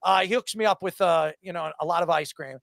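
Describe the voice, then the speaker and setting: A man hosting a casual sports talk show, telling animated stories. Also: a little high, fairly quick, no echo. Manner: animated storytelling with mock voices. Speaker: podcast host. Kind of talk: casual chat.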